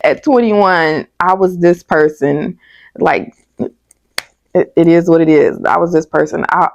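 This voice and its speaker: A woman's voice: fairly low pitch, unhurried, gravelly, dry recording. A woman reviewing a TV episode in casual, candid commentary, chatty and prone to tangents, on a dull lo-fi recording. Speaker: TV show reviewer.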